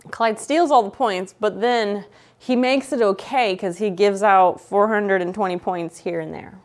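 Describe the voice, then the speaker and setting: A woman's voice: mid-range voice, a little slow. A woman streaming from home, chatting casually with viewers, playful and teasing, with some swearing.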